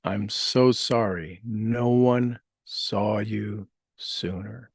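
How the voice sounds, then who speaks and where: Guy leading a slow guided meditation, gentle, repeats each line softly, dry close sound. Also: fairly low pitch, steady tone, gravelly, husky, dry recording. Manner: slow, gentle, repeats each affirmation in trailing soft phrases. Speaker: meditation leader. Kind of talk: guided meditation with spoken affirmations.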